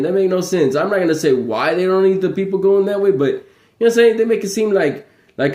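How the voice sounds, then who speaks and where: A man's voice: on the high side, echoey room. A man rambling on a livestream, swearing constantly and laughing between heated stories. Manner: profane, animated, laughing storyteller. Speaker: livestream host.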